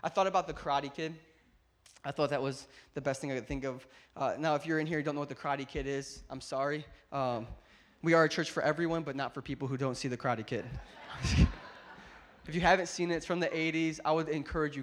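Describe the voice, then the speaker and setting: High-voiced man preaching with rising fervor. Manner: builds from low, casual storytelling to loud, high preaching; playful, laughs at his own jokes. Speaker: pastor. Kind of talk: storytelling sermon.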